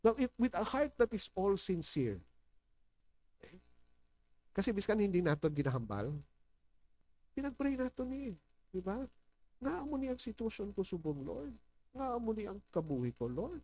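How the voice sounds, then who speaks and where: A man's voice: sits high, sing-song, moderate pace, pauses often, a little mellow, poor audio. A man with a Filipino accent preaching a sermon as pastor, switching between English and Hiligaynon and often asking his congregation questions. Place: church.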